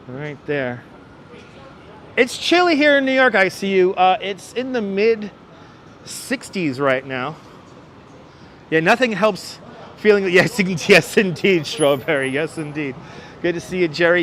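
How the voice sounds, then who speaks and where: A man's voice: fairly high pitch, a bit bright, slight background noise. Effusive man thanking viewers on a street. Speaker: livestream host. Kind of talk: walking livestream chat. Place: outdoors on city streets. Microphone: wireless clip-on mic.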